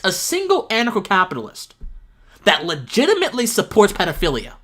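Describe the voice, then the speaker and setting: A man's voice: high voice, very animated, a little slow, sharp tone. A man streaming live, reacting to a video with exasperated ranting and frequent laughter.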